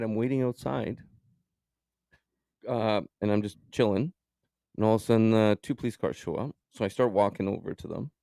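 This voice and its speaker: Gravelly guy telling a wild story on a podcast, lowish voice, swears a lot, acts out the quotes. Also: a little mellow, no echo, clean studio sound. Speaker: podcast co-host. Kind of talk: casual storytelling chat.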